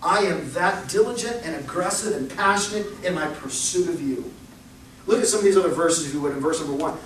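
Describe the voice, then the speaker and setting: A young adult man preaching a sermon, telling Bible stories in a lively way and acting out the people he quotes. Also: high voice, brisk, a little hiss or hum. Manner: animated storytelling, acts out quoted voices. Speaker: pastor. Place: church sanctuary. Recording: echoey church recorded from far off.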